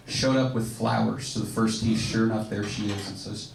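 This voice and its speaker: A man doing a stand-up comedy set on a comedy club stage, telling jokes in a laid-back, deadpan way. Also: medium pitch, normal speed, creaky, slight background noise. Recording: echoey club from far off with faint ambience.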